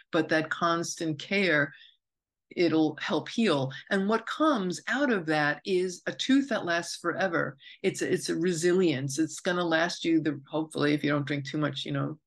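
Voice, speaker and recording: Gravelly-voiced woman astrologer musing aloud. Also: low-pitched. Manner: meandering, reflective, with self-corrections and asides. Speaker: astrologer hosting a podcast. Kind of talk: unscripted spoken monologue.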